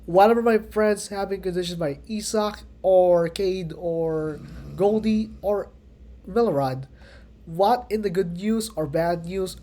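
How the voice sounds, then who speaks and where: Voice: mid-range voice, dark tone. A vlogger ranting to camera in loose, disjointed phrasing that keeps circling back, with greetings in other languages sprinkled in. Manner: rambling, disjointed phrasing that loops back on itself. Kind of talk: rambling rant to camera.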